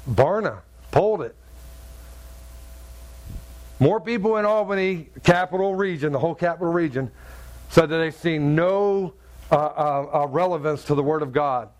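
A man's voice: fairly high pitch, normal speed, pauses often, a little mellow. A man preaching a sermon as pastor, talking in a conversational way, repeating words and asking his listeners to agree. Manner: conversational, repeats words, asks the crowd "right?".

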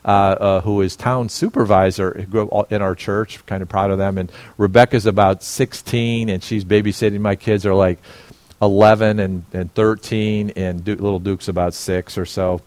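Man in his 60s, pastor, sermon storytelling, low-pitched, dry, animated, bursts of loud excitement. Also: normal speed, no room sound.

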